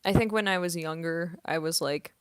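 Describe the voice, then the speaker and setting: A young woman and voice actress chatting in a quiet, soft-spoken late-night Q&A at home, laughing often. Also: lowish voice, normal speed, smooth, dry recording, studio quality. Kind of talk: casual late-night Q&A chat.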